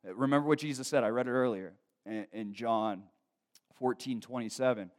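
A pastor preaching a sermon, conversational, rising loud and slow when reading scripture and dropping to quieter asides, often checking in with "okay?". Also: male voice, medium pitch.

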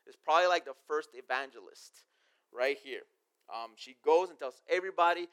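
A man's voice: a little high, animated, fairly quick, fairly bright tone, clear, resonant tone. A man preaching a casual sermon, reading scripture verses aloud and then explaining them in everyday, conversational terms. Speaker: pastor.

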